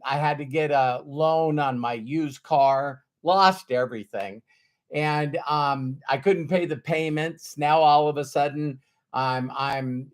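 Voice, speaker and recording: A man from North Dakota hosting a live stream as a motivational speaker, greeting viewers by name and repeating his key lines in an earnest, emotional way. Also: fairly high pitch. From North Dakota, USA. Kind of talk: casual live-stream talk.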